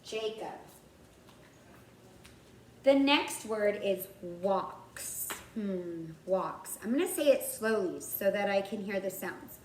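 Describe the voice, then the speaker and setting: Woman teacher, slow and patient, recorded off-mic in a roomy space. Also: medium pitch, expressive, a little mellow, slight background noise. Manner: slow and patient, sounding out words carefully. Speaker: kindergarten teacher. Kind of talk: recorded writing lesson for young children. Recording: roomy, from far off the mic, faint background ambience.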